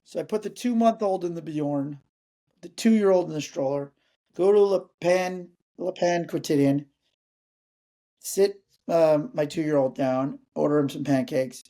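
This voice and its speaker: A man's voice: a little high, unhurried. A man in his thirties, a comedian guest, telling a story in casual chat with lots of energy. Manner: energetic, acts out other people's lines.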